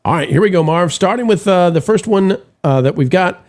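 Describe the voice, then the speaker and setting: A man with a high, expressive voice, brisk and a bit dark in tone, hosts an easygoing live-stream show. He reads viewer messages out loud, rambling with lots of fillers and restarts.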